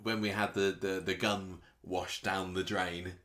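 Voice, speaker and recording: A man co-hosts a casual podcast recap, his voice very deep. He chips in with wry, grumbling asides about the show. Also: flat delivery, measured pace, fairly bright tone. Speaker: podcast co-host. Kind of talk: casual soap recap chat.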